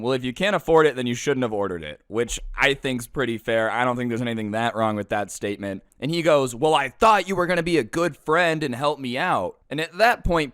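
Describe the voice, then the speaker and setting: Young male vlogger, smooth clear voice, dry close mic, animated ranting storyteller. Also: medium pitch, dry recording. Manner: animated, ranting, acts out both sides of dialogue. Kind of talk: casual storytime rant.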